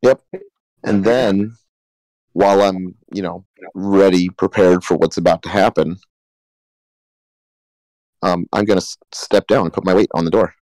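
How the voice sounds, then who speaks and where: A man's voice: deep voice, fairly even intonation, unhurried, long pauses, darkish tone, no echo, rough recording. A man playing a tabletop game, planning his moves hesitantly with many restarts. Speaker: player. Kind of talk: casual tabletop play chat.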